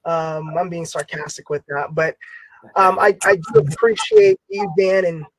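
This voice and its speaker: A man's voice: fairly high pitch, huge pitch swings, normal speed, gravelly, low-quality recording. A man hosting an online Bible class discussion, talking casually with many fillers. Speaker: class host.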